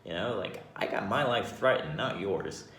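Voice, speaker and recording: Deep-voiced man telling a profane story. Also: moderate pace. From Arizona, United States. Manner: profane, animated, with frequent restarts. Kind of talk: casual storytelling to camera. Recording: echoey room, faint background hiss.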